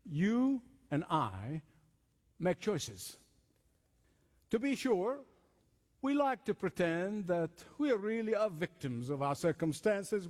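A man's voice: high voice, darkish tone, big-room sound. A man pastor preaching a sermon in an emphatic, conversational way, with lots of repetition.

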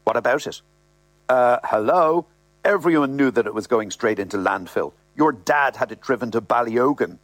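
A man reading a comic first-person story in a wry, brisk way. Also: medium pitch, lively intonation, no echo. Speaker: reader.

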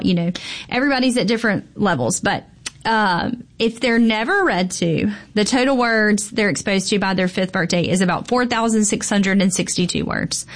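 A woman pediatrician talking casually and emphatically, with frequent fillers and repeated phrases for stress. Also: medium pitch. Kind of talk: casual podcast chat.

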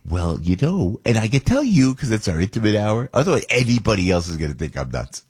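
An older man hosting a radio show, telling a story in a rambling, animated way. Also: lowish voice, brisk, hardly any pauses, slightly rough. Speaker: radio host. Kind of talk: casual radio monologue.

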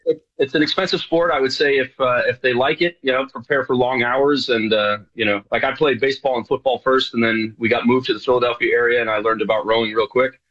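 Husky middle-aged man, muffled remote line. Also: mid-range voice, fairly even intonation, fast, fairly bright tone. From New York. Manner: hesitant, many fillers and restarts. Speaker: guest, show host and rowing coach. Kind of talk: casual interview chat.

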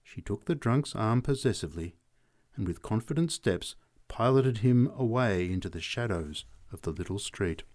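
Brief: male story reader, measured narration, animated intonation. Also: on the low side. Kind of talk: story reading.

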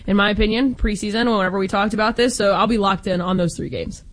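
A woman from Austin, Texas, co-hosting a sports talk show in a quick, playful, chatty way. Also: medium pitch, poor audio. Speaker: sports radio co-host.

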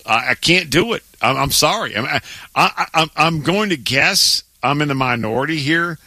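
Male sports radio co-host, excitable banter, bright voice, dry studio sound. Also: a little high, normal speed, dry recording. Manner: excitable, stammering restarts. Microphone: studio microphone.

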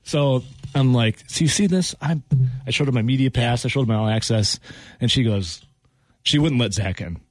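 A man's voice: medium pitch, normal speed, no room sound. A man hosting a radio show, telling a funny story in casual chat and laughing as he goes. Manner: animated, laughing anecdote teller.

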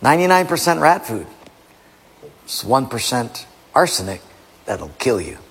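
A man preaching a sermon in an animated way, quoting scripture and acting out small scenes. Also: medium pitch, a little slow, husky. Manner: animated, acts out voices, quotes scripture. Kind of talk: sermon with acted skits. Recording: long reverb of a large hall.

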